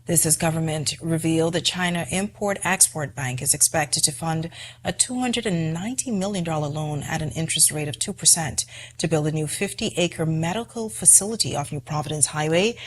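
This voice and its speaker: A woman reporter reading a scripted news story in a measured way. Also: deep voice, slight background noise. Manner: measured newsreader delivery.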